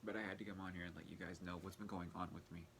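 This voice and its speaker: A man's voice: deep voice, steady tone, fairly bright tone, slight background noise. Earnest young man, tearful heartfelt vlog. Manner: earnest and heartfelt, halting with restarts. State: tearful, fighting back crying. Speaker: vlogger. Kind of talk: emotional personal vlog.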